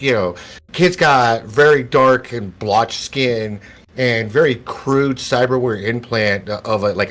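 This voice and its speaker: A man's voice: on the low side, fairly bright tone. A man narrating as game master of a tabletop role-playing game, describing scenes in a loose, rambling way. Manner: descriptive, loose, full of "like" and "kinda".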